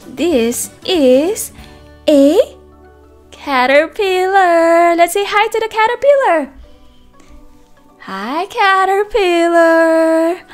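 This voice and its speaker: A woman teacher reading a picture book aloud to toddlers, animated and sing-song, with excited gasps and friendly questions to the children. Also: extremely high pitch. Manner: speaks directly to young children with questions and praise. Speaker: children's teacher and channel host. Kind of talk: read-aloud storytelling for toddlers.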